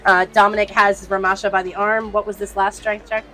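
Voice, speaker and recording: A woman narrating as game master of a tabletop game, laughing often and breaking into shouted character cries. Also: medium pitch, flat delivery, brisk.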